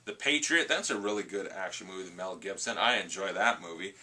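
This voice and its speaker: A man's voice: low-pitched, pushed and bright. A man giving a casual, rambling movie review full of asides. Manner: chatty, rambling with asides and quick impressions.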